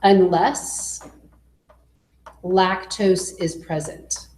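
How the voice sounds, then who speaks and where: A woman teaching a biology class, explaining slowly and checking in with her students as she goes. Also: on the low side, steady tone, a little mellow. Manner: slow, explanatory, checks in with okay. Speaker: biology instructor. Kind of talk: classroom lecture. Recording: echoey classroom with faint noise.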